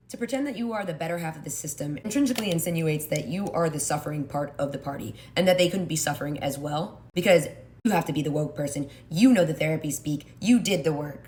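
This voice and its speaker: A woman's voice: sits low, a little mellow, a little hiss or hum. A woman giving an opinionated monologue on relationships, emphatic and sardonic, acting out quoted arguments. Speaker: commentator on relationships.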